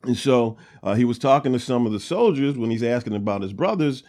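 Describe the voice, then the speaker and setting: A man's voice: medium pitch, lively intonation, fairly quick, warm tone. A man hosting a Bible study, reading verses aloud and retelling them in a loose, conversational way with many fillers. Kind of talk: casual Bible teaching, reading and retelling scripture.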